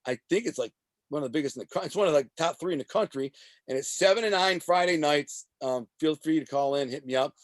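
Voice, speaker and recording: Rapid-fire tough-talking man. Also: fairly high pitch, no echo. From Detroit. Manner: rapid, animated, tough-talking, many restarts. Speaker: guest, author and radio host. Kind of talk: casual storytelling interview.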